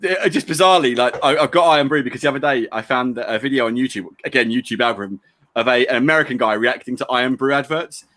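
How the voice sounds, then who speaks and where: A man's voice: medium pitch, quick pace, fairly bright tone. A young man co-hosting a podcast, rambling and easygoing, often stumbling over his words. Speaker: podcast co-host. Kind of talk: casual podcast chat.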